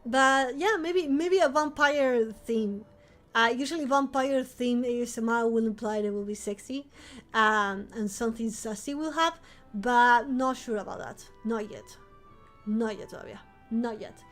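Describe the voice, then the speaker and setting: High-voiced streamer woman. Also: moderate pace, fairly bright tone, soft background music. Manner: rambling, chatty, with frequent laughs and restarts. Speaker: vampire-themed streamer. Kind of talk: casual live-stream chat.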